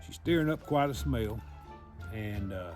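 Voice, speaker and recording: A man telling a funny story in a folksy, drawn-out way. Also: fairly low pitch, animated, darkish tone, faint music behind. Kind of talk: casual storytelling.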